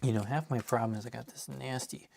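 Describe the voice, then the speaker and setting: A man's voice: medium pitch, steady tone, fast, creaky, darkish tone, slight background noise. A man casually chatting on a live stream while opening packs, muttering to himself as he handles and sleeves cards. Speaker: card collector streaming pack openings.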